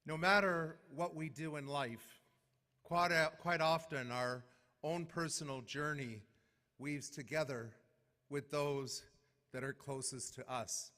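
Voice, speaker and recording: A middle-aged man, a mayor, giving a formal, measured inaugural speech full of heartfelt thanks. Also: fairly high pitch, steady tone, bright, forceful tone. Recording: long hall reverb.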